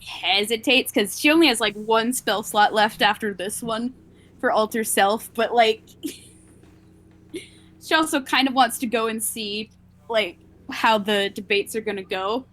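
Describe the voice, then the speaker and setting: Bright giggly woman player. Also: on the high side, measured pace. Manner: giggly, lots of "like". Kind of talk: casual tabletop play.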